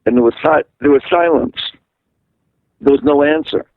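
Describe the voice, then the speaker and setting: An older male musician from Massachusetts, USA, gives a phone interview over a tinny, dry line that thins out his somewhat high voice. Speaking at normal speed, he rambles through stories. He animatedly imitates the voices of the people he quotes.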